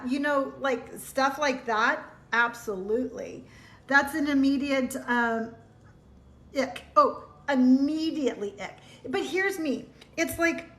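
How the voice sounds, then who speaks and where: A woman talks casually to her live-stream audience, reading viewer comments aloud and breaking into quick quoted voices. Her voice sits high and bright. The sound carries a roomy echo from streaming on a phone. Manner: chatty and candid, reads comments aloud, jumps into quoted voices.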